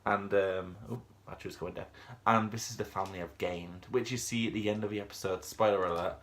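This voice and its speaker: A man talking casually to camera about a TV episode he just watched. He rambles, trails off, and starts sentences over, filling the gaps with ums in a relaxed, chatty way. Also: lowish voice, fairly quick. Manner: rambling, chatty, many fillers and restarts. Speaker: TV episode reviewer. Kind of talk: casual unscripted review vlog.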